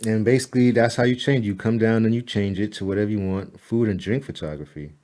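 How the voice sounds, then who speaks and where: Talking a client through changes to their site, a web designer records an informal, chatty screen tutorial. He sounds relaxed, leans on "all right" and "boom" again and again, laughs at himself, and quietly complains to his slow computer.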